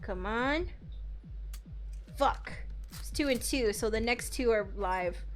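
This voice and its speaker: Slow-talking playful young woman streamer. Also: on the high side. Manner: playful, swinging from loud outbursts to quiet mumbling. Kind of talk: casual gameplay commentary. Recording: faint game music behind.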